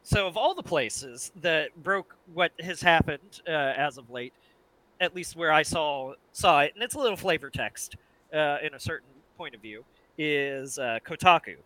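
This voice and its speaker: Male co-host, a bit high, bright tone, blunt and sweary. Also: animated, moderate pace, dry recording, rough recording. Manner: blunt, swearing, hedging asides. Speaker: podcast co-host. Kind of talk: casual chat.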